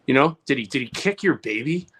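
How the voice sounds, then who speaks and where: A man's voice: mid-range voice, lively intonation, a little fast, fairly bright tone, slight background noise. A man co-hosting a comedy podcast, talking heatedly, swearing and restarting his sentences. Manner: heated, repeats words and restarts often, swears. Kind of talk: casual podcast chat.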